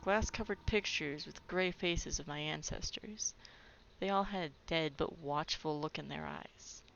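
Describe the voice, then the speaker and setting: A woman's voice: low voice, unhurried, vocal fry, a bit bright, slight background noise. A woman playing a video game who reads its text aloud and breaks off into playful, chatty asides. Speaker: let's play gamer. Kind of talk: reading game text aloud with casual commentary. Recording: dull recording with game music.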